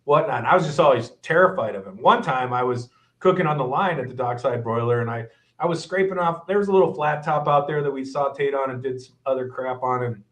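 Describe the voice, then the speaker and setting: A middle-aged man, a guest chef, telling kitchen stories in casual chat, swearing freely and acting out the chefs he quotes. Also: fairly high pitch. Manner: profane, animated, acts out quoted chefs.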